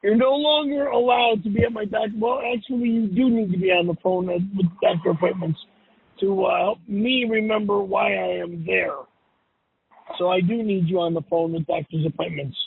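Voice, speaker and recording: A man's voice: high-pitched, fairly even intonation, moderate pace, vocal fry, slightly rough. A man leaving an angry, profane voicemail from his car, cursing and repeating himself. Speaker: show host. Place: driving in a car. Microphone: phone. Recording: tinny phone voicemail.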